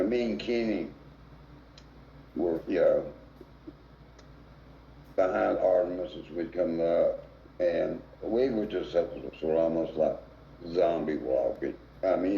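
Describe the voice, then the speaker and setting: Deep-voiced man in an echoey room. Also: warm tone. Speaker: interviewee. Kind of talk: casual interview recollection. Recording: echoey, dull recording with faint noise.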